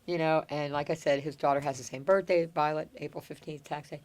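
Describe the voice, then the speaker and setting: A woman's voice: deep voice, fairly quick. A woman hosting a podcast, telling stories in a casual chat, swearing freely and acting out quotes. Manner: animated storyteller, swears freely, acts out quotes. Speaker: podcast host.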